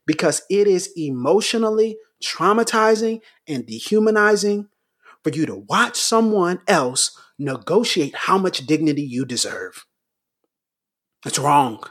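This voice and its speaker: A man's voice: fairly high pitch, lively intonation, unhurried, fairly bright tone. A man co-hosting a podcast, speaking with preacher-like intensity and urgent, rising appeals. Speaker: podcast co-host. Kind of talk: impassioned commentary.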